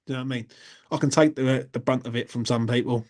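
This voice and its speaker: A man's voice: mid-range voice, fairly even intonation, fast, a little mellow. A young man hosting a casual live stream, chatting in a laddish way and reading out comments. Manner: chatty, laddish, repeats "do you know what I mean". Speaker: host reading live chat.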